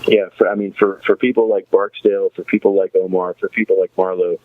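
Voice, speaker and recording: A man with a very low voice chats casually on a podcast about a TV series, trailing off and restarting his sentences. The recording sounds a little muffled and lo-fi. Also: little pitch movement, brisk. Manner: rambling, many restarts and fillers. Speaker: podcast host.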